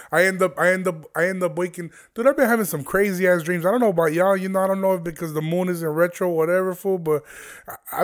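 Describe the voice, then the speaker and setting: A young man telling stories in a casual solo monologue, profane and rambling in heavy slang. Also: on the high side. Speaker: podcast host.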